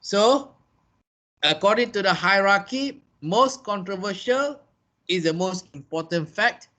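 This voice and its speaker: Guy teaching a class, high voice, keeps repeating himself. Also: expressive, measured pace, pushed and bright. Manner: repeats key points, explanatory. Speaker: trainer. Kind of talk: classroom lesson. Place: training room with a class.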